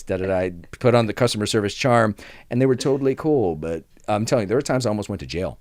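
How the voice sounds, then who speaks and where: A man on a podcast, talking fast and telling stories in an animated way, with his pitch jumping up and down as he acts out the people in them. His voice sits a little low, and the recording is dry and close, with no room sound. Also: no echo. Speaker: podcast host. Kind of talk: casual storytelling chat.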